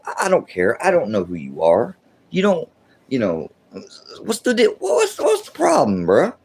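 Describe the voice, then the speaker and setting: A man's voice: mid-range voice, a little mellow, a little hiss or hum. A man hosting a livestream, ranting in a casual, profane, exasperated way and rambling as he talks to his chat. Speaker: livestream host.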